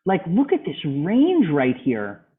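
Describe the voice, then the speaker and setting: A man's voice: on the high side, wildly swooping pitch, takes it slowly. A man teaching a trading club, walking through charts and asking a student questions over a video call. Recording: phone-like video call audio.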